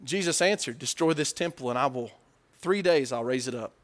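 A man preaching a sermon in a conversational way, asking the congregation questions and swinging between loud emphatic bursts and low, quiet stretches. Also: expressive, a little fast.

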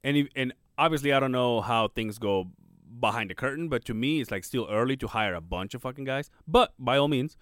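A man's voice: mid-range voice, a little fast, few pauses, clean tone, no echo, studio quality. A man co-hosting a podcast, telling a work story in casual chat, swearing and acting out quotes with his voice jumping up. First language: Spanish. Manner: animated, swearing, acts out quotes with rising voice. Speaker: podcast co-host.

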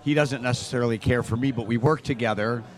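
A man's voice: medium pitch, fairly even intonation, fast, heavy background noise. A man co-hosting a radio interview, blunt and teasing. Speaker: radio co-host. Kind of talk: casual interview.

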